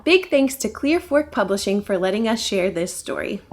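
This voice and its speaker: A woman's voice: mid-range voice, animated, moderate pace. A woman librarian reading a picture book aloud at storytime, asking the kids questions. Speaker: children's librarian. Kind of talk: children's storytime read-aloud.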